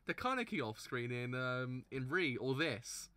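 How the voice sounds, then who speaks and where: A man hosting a live manga reaction, reading the text aloud with some stumbles and breaking into excited, loud exclamations. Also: mid-range voice, measured pace, clean tone, dry recording. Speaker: manga reaction channel host.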